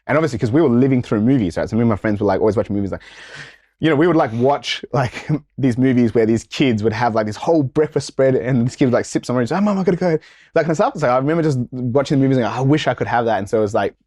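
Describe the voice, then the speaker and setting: A man, a guest in a casual interview, telling stories in a slangy, animated way and acting out the voices of people in them. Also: mid-range voice, quick pace, no echo, clean studio sound.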